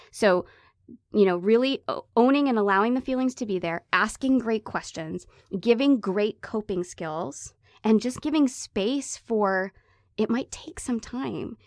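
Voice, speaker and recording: A woman in her thirties talks with passion on a podcast, pressing her points hard and pleading with listeners. Her voice sits at a middle pitch, and the recording is close and dry with no room sound. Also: no room sound. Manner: impassioned, emphatic, pleading. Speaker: podcast co-host, hypnotherapist. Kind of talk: casual podcast chat.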